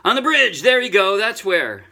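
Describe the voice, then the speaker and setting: An older man casually teaching a ukulele song, chatty and self-deprecating, thinking out loud with frequent restarts. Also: high voice, big pitch swings, measured pace, creaky. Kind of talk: casual music tutorial. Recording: ukulele playing loudly throughout. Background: ukulele playing.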